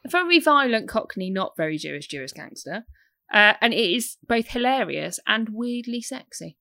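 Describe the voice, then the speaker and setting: Bright-voiced chatty woman. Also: fairly high pitch, normal speed, gravelly, no room sound, studio quality. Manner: chatty, animated and swearing. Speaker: podcast co-host. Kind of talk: casual chat.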